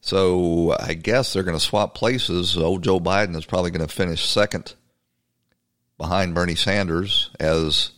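A man's voice: sits low, fairly even intonation, measured pace, fairly bright tone. A man hosting a podcast, giving a conversational political commentary monologue, emphatic and full of restarts. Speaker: podcast host.

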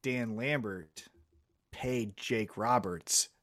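A man co-hosting a casual wrestling podcast, talking fast and with strong opinions. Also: fairly low pitch, fairly bright tone. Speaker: podcast co-host.

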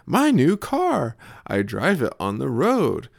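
A man voicing an excitable little boy toddler who squeals in babyish broken grammar. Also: medium pitch, slow, gravelly, pitched above the performer's own voice, exaggerated voice. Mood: excited.

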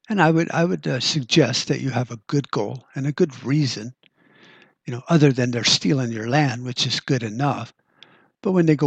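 A man's voice: medium pitch, normal speed, creaky, breathy edge, dry recording. A middle-aged man hosting a podcast, talking in a blunt, profane, rambling way full of fillers. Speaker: podcast host. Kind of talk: casual political monologue.

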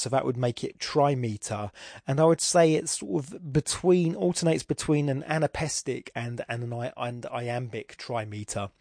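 A man's voice: medium pitch, a little mellow, no echo, clean studio sound. A man with an Irish accent hosting a podcast, talking through a poem's form casually and thinking aloud with frequent restarts. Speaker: podcast host. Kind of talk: casual spoken poetry analysis.

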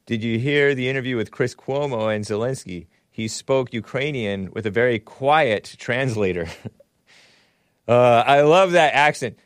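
A man's voice: mid-range voice, moderate pace, few pauses, no room sound, clean studio sound. A man hosting a talk show, giving sarcastic, chuckling commentary while reading out chat comments.

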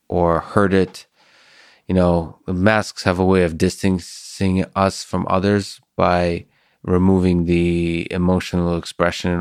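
A man's voice: low voice, clean tone, no room sound, clean studio sound. A man hosting an interview, musing thoughtfully and asking questions. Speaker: podcast host. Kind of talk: casual interview conversation.

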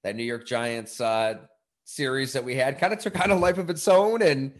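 A man's voice: mid-range voice, normal speed. A man hosting a sports podcast, talking eagerly and a little out of breath, with lots of fillers. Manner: eager, rambling promo with fillers. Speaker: podcast host. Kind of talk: casual podcast talk.

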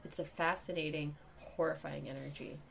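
A young woman with a New York accent telling a story on a casual podcast, animated and swearing, acting out the people in it. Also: sits low, normal speed, vocal fry, a little hiss or hum. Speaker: comedian guest.

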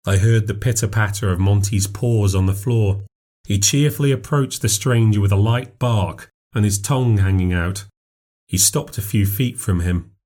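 A man narrating a ghost story in a measured, steady way. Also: lowish voice.

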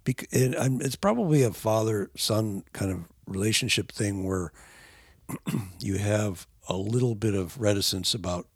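An older man talking with his son on a podcast in casual conversation, halting with restarts and growing animated. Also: lowish voice, husky, dry recording, studio quality. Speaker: podcast guest, father of the host.

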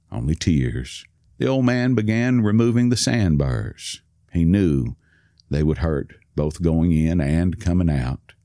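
Man, deep low voice, calm measured storytelling, scripted narration, dry close recording. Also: dry recording.

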